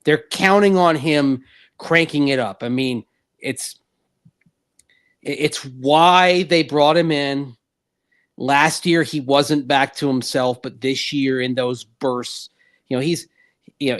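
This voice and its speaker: A man co-hosting a sports talk radio show, talking in an animated, rambling way with frequent restarts. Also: on the high side, no echo.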